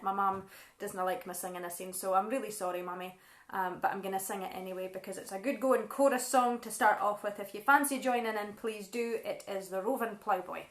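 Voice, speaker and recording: A Scottish woman chatting casually at home between songs, reading out viewers' messages and apologising now and then. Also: medium pitch. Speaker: singer and live stream co-host. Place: living room at home. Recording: echoey room.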